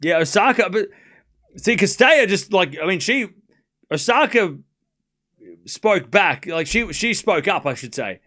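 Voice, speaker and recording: Excitable high-voiced man commentating live. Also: a little slow, long pauses. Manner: excitable, laughs often, thinks aloud with restarts. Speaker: streamer hosting a live tennis watchalong. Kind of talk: live commentary and casual chat.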